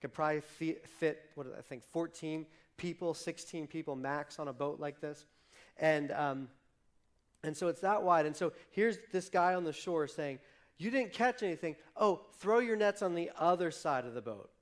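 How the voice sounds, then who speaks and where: A male pastor giving a sermon, telling the story lively and acting out the characters' lines, with frequent restarts. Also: on the high side, moderate pace. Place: church livestream.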